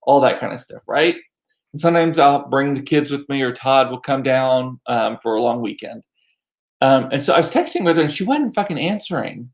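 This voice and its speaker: A man's voice: mid-range voice, expressive, fairly quick. A man in his forties telling stories in a chatty, irreverent way, laughing often. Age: 40s. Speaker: vlogger. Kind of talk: casual storytelling.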